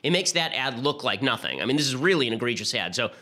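A man hosting his own political podcast, talking rapidly and argumentatively through commentary and an ad read. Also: mid-range voice, sing-song, bright, forceful tone. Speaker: podcast host.

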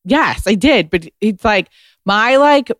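A woman guest on a podcast, casually telling a story with lots of "like" and animated retelling. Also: mid-range voice, slow pace, dry recording, studio quality. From United States. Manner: chatty, heavy use of "like", animated retelling.

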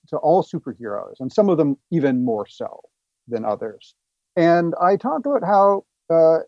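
A man with a slightly high, mellow voice explains his ideas earnestly as an interview guest, pausing on fillers. The sound is dull and lo-fi, like a remote line, and completely dry. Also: dry recording. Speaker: author and guest.

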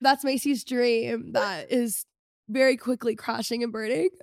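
A young woman with a fairly high voice hosts a casual podcast. She banters and teases, cutting in quickly and laughing a lot. The recording is dry and close. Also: fairly even intonation, vocal fry, no echo. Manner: teasing, quick interjections, laughs often. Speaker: podcast host. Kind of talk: casual chat.

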